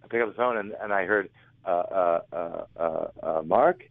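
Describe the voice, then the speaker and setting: A man's voice: sits low, moderate pace, vocal fry, no room sound. A man interviewed as an author, telling rambling anecdotes and often correcting himself mid-sentence. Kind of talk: casual storytelling. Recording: tinny phone line, dry.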